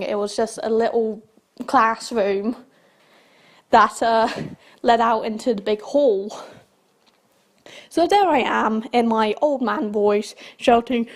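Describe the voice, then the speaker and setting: A woman's voice: a little high, darkish tone. A young woman hosting a channel, telling a rambling story in casual chat and laughing often as she talks. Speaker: channel host.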